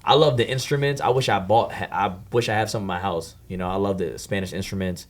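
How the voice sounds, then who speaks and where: Young man, lowish voice, relaxed slangy storyteller in a group chat. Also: quick pace. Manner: slangy, laid-back storytelling. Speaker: student or staff member.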